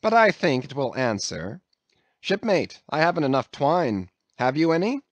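A man's voice: fairly high pitch, sing-song, moderate pace, no room sound, pitched above the performer's own voice. A man voicing a defiant, scheming male sailor who asks cool, taunting questions. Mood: sly.

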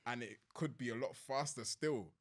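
A man's voice: medium pitch, normal speed. A young man from England, a podcast guest speaking earnestly and enthusiastically and laughing easily. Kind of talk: casual interview chat.

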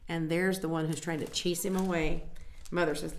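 A woman reading a picture book aloud to children, gently stopping to explain words and point at the pictures. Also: fairly low pitch, fairly even intonation, moderate pace. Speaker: storytime reader. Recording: echoey room.

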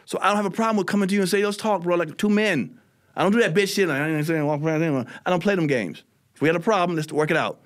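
Male comedian, podcast guest, rapid animated storytelling, heavy swearing. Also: a little high. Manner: profane, animated storytelling with voiced quotes.

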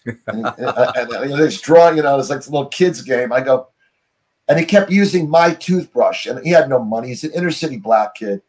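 A man's voice: mid-range voice, expressive, fairly quick, darkish tone. A middle-aged American man, an interview guest, telling stories in a rambling way full of "you know" and restarts over a remote call. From United States. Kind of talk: casual interview storytelling.

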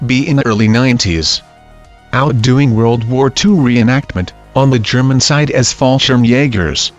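Guy reading scary stories in a steady even voice, kinda muffled audio, quiet music behind. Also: mid-range voice. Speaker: story narrator. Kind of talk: scripted narration of scary stories. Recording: dull lo-fi audio with faint music.

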